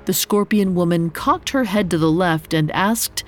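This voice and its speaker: A woman narrating a mythological story in a calm, measured scripted style. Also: lowish voice, faint music behind.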